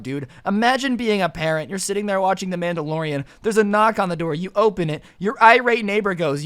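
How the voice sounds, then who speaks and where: Brief: young man, higher voice, slangy and animated storytime teller, dry close sound. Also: no room sound. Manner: animated, laughing often, slangy asides. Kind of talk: casual storytime monologue.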